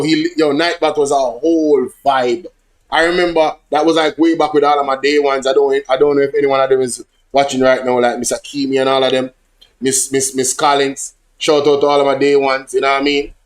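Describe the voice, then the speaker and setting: Jamaican male streamer, fairly high-pitched, lively chat to viewers, drops into patois. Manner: animated, slips between English and patois, addresses chat directly. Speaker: livestream host. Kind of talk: casual livestream commentary.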